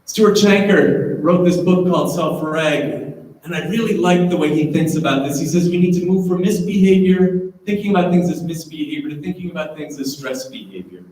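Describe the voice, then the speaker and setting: A man with a slightly higher-pitched voice gives a friendly, conversational workshop talk to parents in a school auditorium. He keeps checking in with the room as he goes. The sound is very echoey and picked up from far away, with a faint hum underneath. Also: moderate pace. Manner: relaxed, often checks in with the audience with "right?". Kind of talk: conversational lecture to an audience.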